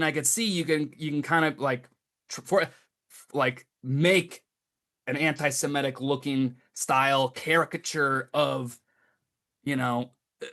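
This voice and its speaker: A middle-aged man, a creature puppet maker, talking as a guest in a casual podcast chat, telling stories in an animated, exasperated way. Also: fairly high pitch.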